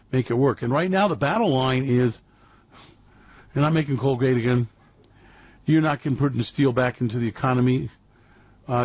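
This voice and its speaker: Over dull audio, a man with a mid-range voice and a breathy edge hosts a radio show. His opinionated monologue rambles and stresses its points, riddled with fillers and false starts.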